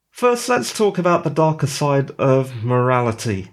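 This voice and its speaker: A man's voice: mid-range voice, sing-song, moderate pace, hardly any pauses. A man hosting a solo podcast, giving opinionated, conversational commentary with rhetorical questions. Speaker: podcast host.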